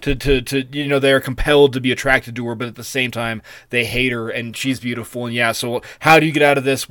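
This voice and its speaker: A man's voice: medium pitch, steady tone, fast talker, few pauses, bright, forceful tone, dry recording, studio quality. A man co-hosting a podcast, telling a story in a profane, rambling, casual way. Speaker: podcast co-host. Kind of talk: casual chat.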